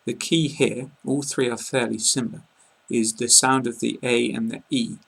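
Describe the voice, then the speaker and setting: A British man giving a casual online pronunciation lesson, speaking slowly and carefully and repeating example words. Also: mid-range voice, fairly even intonation, vocal fry, fairly bright tone, slightly rough, poor audio. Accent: British English. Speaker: English pronunciation teacher.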